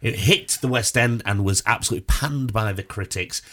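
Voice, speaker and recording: A man's voice: fairly low pitch, brisk, noisy background. A man co-hosting a podcast, telling stories in a chatty, playful way with lots of fillers. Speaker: podcast co-host. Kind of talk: casual chat about musical theatre.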